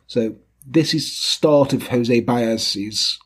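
A man tells a true crime story in a loose, chatty way, swearing freely and slipping into the voices of the people in it. His voice is a bit husky and sits slightly high for a man. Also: moderate pace. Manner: swears often, acts out quotes of the people in the story. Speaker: podcast co-host telling a true crime story. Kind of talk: casual storytelling chat.

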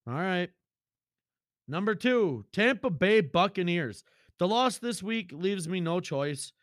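A man's voice: high-pitched, expressive, slow, a bit bright, no room sound, clean studio sound. A man hosting a sports podcast, talking in a chatty, loose and sometimes profane way. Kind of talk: casual sports podcast talk.

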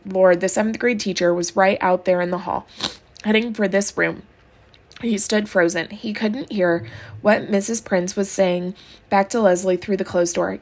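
A woman reading a novel aloud in a steady, unhurried narration. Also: mid-range voice. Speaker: audiobook reader.

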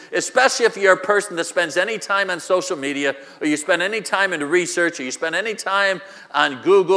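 A man's voice: high-pitched, pushed and bright, big-room sound. A male pastor preaching a sermon, using rhetorical questions and repetition, recorded in a church.

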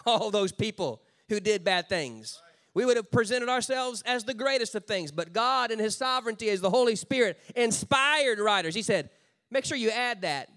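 A male pastor delivers a sermon that swings between loud calls to the congregation and low, slow emphasis, mixing in humorous conversational asides.

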